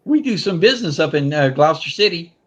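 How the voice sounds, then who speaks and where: A man's voice: on the high side, very animated, fast, fairly bright tone. A man from South Louisiana with a South Louisiana accent, chatting casually and often repeating himself. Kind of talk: casual chat.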